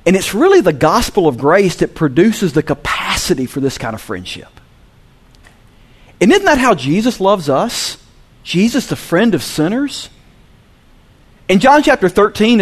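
Preaching at a moderate pace, a man from the Southern US addresses his congregation in a lively, high voice. His sermon swings between hushed, low asides and loud, forceful climaxes.

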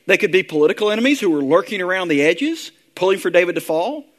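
Male pastor, higher register, earnest sermon delivery, softens for quoted prayers. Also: animated. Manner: earnest, slows down and softens when reading prayers.

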